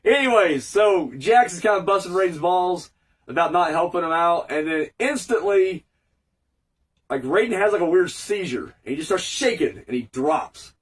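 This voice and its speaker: A man's voice: high voice, expressive, moderate pace, slightly rough, recorded from a distance. A man with a cold giving a casual, rambling, sweary recap review of an episode, full of fillers. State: fighting a cold.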